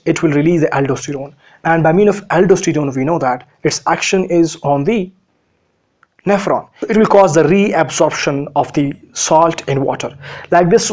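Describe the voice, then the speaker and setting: Guy lecturing on medicine, kinda high voice, asks himself questions then answers, lots of uhs. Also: a little mellow. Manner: explanatory, asks and answers his own questions, frequent uhs. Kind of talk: recorded lecture.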